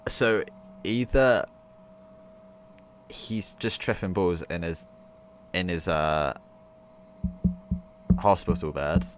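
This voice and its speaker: A man's voice: low voice, lively intonation, very slow, long pauses. A young man live-streaming a visual novel, rambling casually with lots of fillers and the odd swear. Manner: rambling, filler-heavy, swears, laughs loudly. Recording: noisy stream audio with hum.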